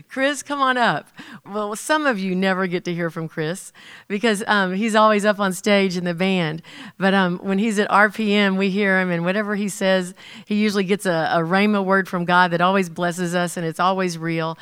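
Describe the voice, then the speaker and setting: A woman's voice: medium pitch, fairly even intonation, a little fast, a bit bright, clear, resonant tone, no echo, studio quality. A woman leading a church gathering, chatty, telling stories and introducing speakers. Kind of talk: casual church talk.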